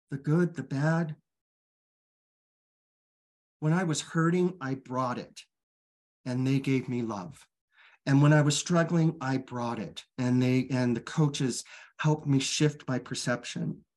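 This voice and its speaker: A man's voice: mid-range voice, darkish tone. Guy telling his own story, keeps stumbling and repeating words, earnest, open. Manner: halting, repeats words and restarts often. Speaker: guest sharing his recovery story. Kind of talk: candid personal storytelling.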